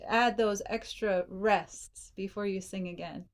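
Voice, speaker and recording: Speaking unhurriedly in a steady, mid-range voice, a woman with a slight frog in her throat gives a songwriter casual feedback. She thinks aloud as she goes and sings lines of the lyrics to show how they should be phrased.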